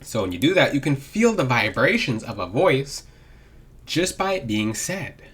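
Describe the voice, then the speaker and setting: A man's voice: moderate pace, breathy edge. A man giving casual spiritual advice in a vlog, rambling with restarts and swooping his voice up and down to demonstrate. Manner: animated, swooping pitch to demonstrate. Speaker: spiritual voice coach.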